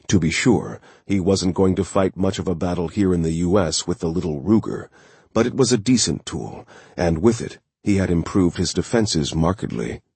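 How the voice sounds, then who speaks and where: A man narrating a thriller audiobook in a steady, measured way. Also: sits low, breathy edge, no echo.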